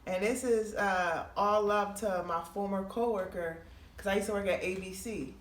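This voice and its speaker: Woman, comedian, animated storyteller, roomy distant mic, faint hiss. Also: mid-range voice, normal speed. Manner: animated, profane storytelling with quoted voices. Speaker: comedian guest. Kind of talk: storytelling on a podcast.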